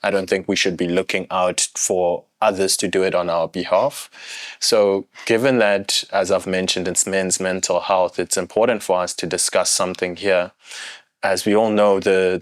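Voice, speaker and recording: A man hosting a podcast, asking measured questions and humming along as he listens. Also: low voice, flat delivery, dry recording. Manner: measured, frequent back-channel hums. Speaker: podcast host. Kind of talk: podcast interview.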